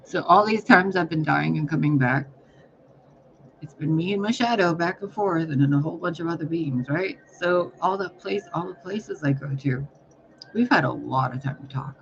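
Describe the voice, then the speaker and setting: Rambling, profane spiritual reader, slightly high. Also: male voice, vocal fry, a little hiss or hum. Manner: rambling, profane, animated storytelling. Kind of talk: casual spiritual reading monologue. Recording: dull lo-fi recording.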